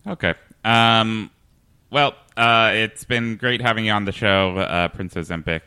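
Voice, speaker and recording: A man hosting a comedy podcast, deadpan and hesitant, full of ums and uhs. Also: fairly low pitch, measured pace, clear, resonant tone, dry recording. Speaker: podcast host.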